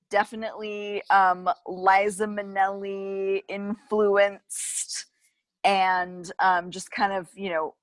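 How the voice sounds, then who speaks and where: A comedy performer talking slowly and thoughtfully about a character, with many fillers. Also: female voice, mid-range voice, no echo, poor audio. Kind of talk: casual chat.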